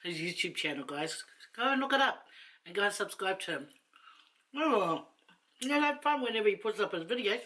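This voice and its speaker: A woman's voice: medium pitch, animated, normal speed, long pauses, sharp tone, a little hiss or hum. A woman chatting casually to camera while eating, rambling and laughing between asides. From New Zealand. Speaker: mukbang vlogger.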